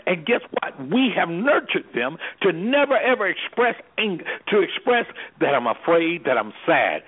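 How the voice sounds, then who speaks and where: Man, anger management specialist, radio interview guest, husky voice, preacherly rhetorical questions, phone-like sound. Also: high voice. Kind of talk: impassioned talk-radio interview.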